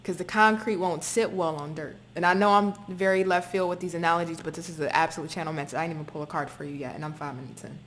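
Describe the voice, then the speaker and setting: A woman's voice: lowish voice, fairly even intonation, quick pace, few pauses, slight background noise. A woman giving a spoken tarot reading to her viewers, talking emphatically, repeating herself and swearing freely. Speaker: tarot reader.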